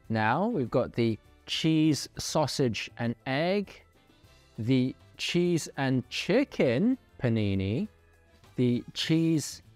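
A man's voice: mid-range voice, a little mellow, dry recording. A man casually presenting and reviewing food on camera, chatty and jokey with playful asides.

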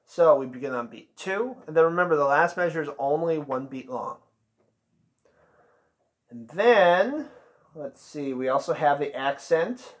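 A man teaching an online band lesson, patiently counting beats aloud and calling out note names. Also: a little high.

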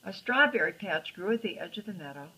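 An older woman reading a picture book aloud to a child, with gentle chatty asides and a husky voice. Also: mid-range voice, lively intonation, a little fast, rough recording. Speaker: storyteller grandmother.

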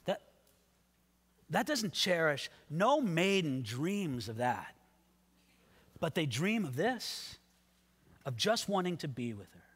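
Animated man preaching in a reverberant hall. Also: a little high, slow, long pauses, husky. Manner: animated, acts out quoted voices. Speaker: pastor. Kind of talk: expository sermon.

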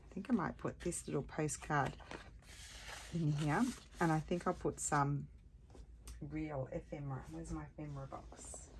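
A woman's voice: low-pitched, fairly even intonation, normal speed, pauses often, slight background noise. A tired woman rambling and thinking aloud as she hosts a casual crafting tutorial. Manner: chatty, rambling, thinks aloud while working.

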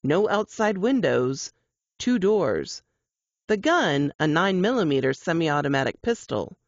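Woman, low voice, slow dramatic fiction reading; dry, lo-fi sound. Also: big pitch swings, no echo. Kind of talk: reading a fiction excerpt aloud.

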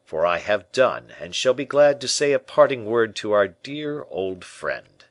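A man voicing a sly male bishop who speaks in a measured, quiet way. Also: on the low side, sing-song, dry recording. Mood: calm, scheming. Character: sly, smooth-talking male bishop and ex-musketeer.

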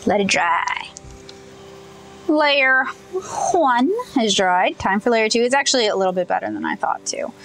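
A young woman from Louisiana, chatting casually as she paints, thinking out loud and correcting herself as she goes. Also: fairly high pitch, sing-song, a little slow, soft background music, rough recording. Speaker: comic artist testing paints.

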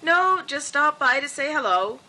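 A woman's voice: sits high, big pitch swings, a little slow, bright, forceful tone, voice pushed up, exaggerated voice. A woman voicing a friendly, eager young male duck who delivers the newspaper, in a storybook reading. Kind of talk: storybook character voice.

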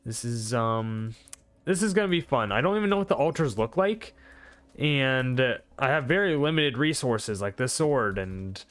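A man giving live commentary over his own gameplay, excitable and full of exclamations and mild swearing. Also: medium pitch, moderate pace, no room sound. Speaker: gaming video creator.

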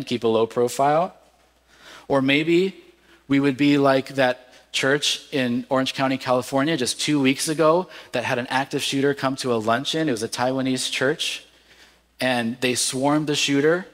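A pastor preaching a sermon in an earnest, measured way, with cries of lament now and then. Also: male voice, medium pitch, a bit bright. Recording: long hall reverb.

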